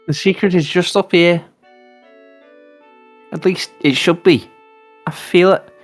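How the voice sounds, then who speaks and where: A performer voicing a gentle, determined young woman in a fan-voiced game playthrough, speaking softly and earnestly. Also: medium pitch, fairly even intonation, takes it slowly, soft background music. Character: gentle young flower girl, calm and determined. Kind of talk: fan voice acting over a game.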